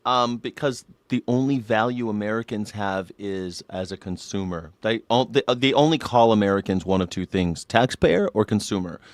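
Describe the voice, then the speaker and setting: A man's voice: fairly low pitch, moderate pace, hardly any pauses, no room sound. A man hosting a news reaction show, rambling and joking with profanity and silly voices. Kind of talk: casual comedic commentary.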